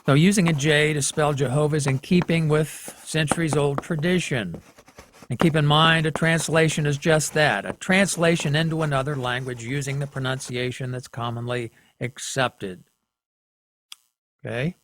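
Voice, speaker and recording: A man teaching a class at a whiteboard, slow and deliberate, often checking in with the students. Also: a little high, steady tone, fairly bright tone, a little hiss or hum.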